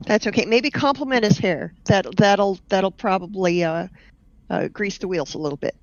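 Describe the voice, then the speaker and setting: A woman's voice: medium pitch, moderate pace, no echo. Cautious woman on a dull lo-fi mic. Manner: cautious, bossy. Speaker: player. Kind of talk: tabletop role-play chat. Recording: dull lo-fi sound.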